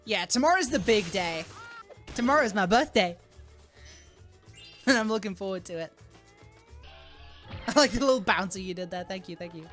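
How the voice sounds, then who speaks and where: A young adult woman streaming live, chatting casually, swearing freely and squealing loudly when thanking donors. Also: mid-range voice, expressive, normal speed, long pauses, soft background music.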